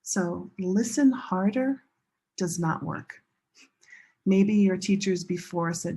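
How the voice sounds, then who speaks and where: A woman teaching a pronunciation lesson, leading learners through slow chanted drills. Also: lowish voice, mellow, breathy edge. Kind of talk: classroom lesson.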